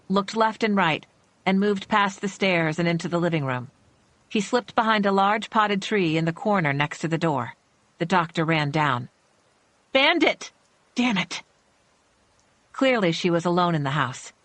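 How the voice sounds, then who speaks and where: A woman with a lowish voice narrating a suspense audiobook, measured and tense. The recording is close and completely dry. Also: a bit bright, dry recording. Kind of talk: scripted thriller narration.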